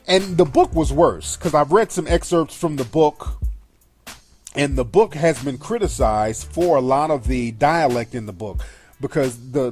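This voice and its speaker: A man's voice: mid-range voice, darkish tone. A man, middle-aged, hosting a radio show and giving a blunt, profane, scornful review of a film in an emphatic monologue. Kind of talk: opinionated monologue. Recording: faint music behind.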